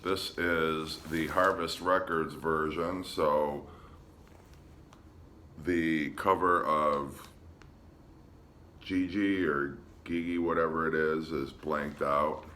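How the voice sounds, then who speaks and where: A man casually showing his record collection on a vlog, relaxed and hesitant, with frequent ums. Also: a bass voice, slow, a little hiss or hum. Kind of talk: casual show-and-tell vlog.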